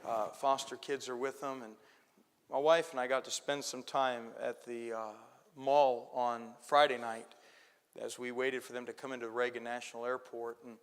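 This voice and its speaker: A male pastor preaching a sermon, telling stories and swinging from hushed asides to shouted points. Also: medium pitch, clear, resonant tone. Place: church sanctuary. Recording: long church hall reverb.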